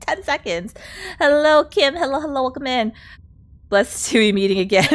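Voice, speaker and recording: A woman's voice: medium pitch, lively intonation, normal speed. Giggly chatty woman streamer. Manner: giggly, chatty, greets viewers. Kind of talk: casual live-stream chat.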